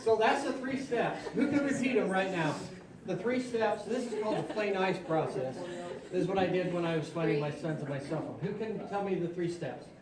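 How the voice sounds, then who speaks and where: Upbeat male laughter yoga leader, higher voice, distant, echoey room. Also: expressive, a little fast, over a noisy crowd. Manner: upbeat, coaxing, calls out cheers. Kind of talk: leading a group laughter exercise. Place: indoor room with a group.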